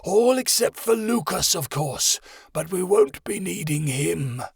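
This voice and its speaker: A man's voice: sits high, big pitch swings, a little slow, creaky, slightly rough, dry recording, clean studio sound, pitched above the performer's own voice, heavily acted. A man voicing a giant male monitor lizard who cackles and mocks his captives in a fantasy audiobook. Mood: mocking. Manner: cackling, mocking.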